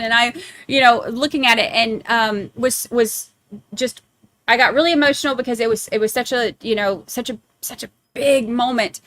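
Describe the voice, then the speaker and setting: A woman hosting a live stream in casual chat, talking quickly in halting bursts with many restarts. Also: fairly high pitch, sharp tone, dry recording. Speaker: host.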